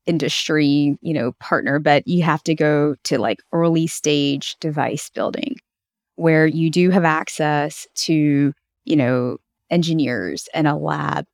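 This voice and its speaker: Low-voiced woman asking curious questions. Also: steady tone, slow, dry recording, studio quality. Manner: curious, questioning, thinks aloud. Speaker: co-host, physician. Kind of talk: conversational podcast chat.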